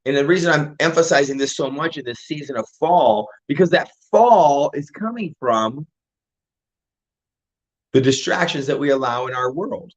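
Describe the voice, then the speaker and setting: An older man giving a casual motivational talk as a fitness and home business coach, energetic and driving his points home with rhetorical questions. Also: a little high, normal speed. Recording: dull lo-fi audio.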